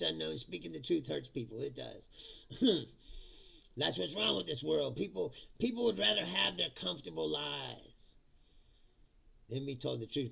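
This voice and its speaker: Gravelly, sharp-voiced ranting male host. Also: high voice. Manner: profane, blunt, laughs often between remarks. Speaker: live-stream commentary host. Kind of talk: casual ranting live-stream commentary.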